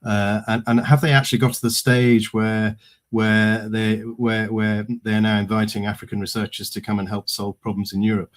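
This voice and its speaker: A man's voice: lowish voice, little pitch movement, normal speed. A man moderating a webinar panel over a video call, hesitant with many fillers.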